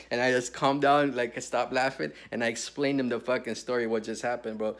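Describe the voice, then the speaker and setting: A man's voice: mid-range voice, steady tone, quick pace, few pauses, fairly bright tone. A man ranting through a crude, heated story and tossing in "bro" constantly. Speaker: vlogger telling a prison story. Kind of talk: profane storytelling rant.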